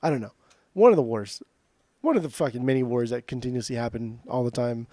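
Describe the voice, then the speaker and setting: A man's voice: mid-range voice, fairly quick, mellow, no echo. A man co-hosting a podcast in loose casual chat, swearing and saying "dude" a lot. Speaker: podcast co-host.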